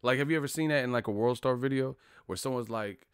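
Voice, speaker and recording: A man's voice: medium pitch, quick pace, smooth, dry recording, clean studio sound. A man hosting a boxing live stream, chatting casually and profanely, full of fillers and asides. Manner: loose, profane, filler-heavy banter.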